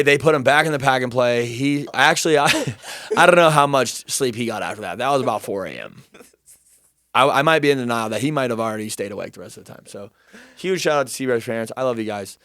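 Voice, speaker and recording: Young man, casual storyteller, profane and self-mocking, smooth voice, dry close mic. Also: mid-range voice, fairly quick, a bit bright, no echo.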